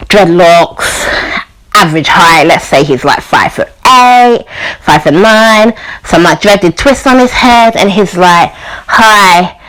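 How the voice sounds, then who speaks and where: A woman's voice: fairly low pitch, lively intonation, slow, fairly bright tone, rough recording. A woman telling a personal story on her vlog in a chatty way, full of "you know" and "like", acting out the people she quotes. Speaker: YouTuber.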